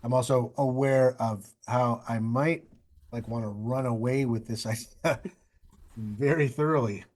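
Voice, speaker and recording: A man's voice: medium pitch, fairly even intonation, unhurried, darkish tone. A man co-hosting a podcast in casual chat, talking thoughtfully in long winding sentences. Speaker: co-host.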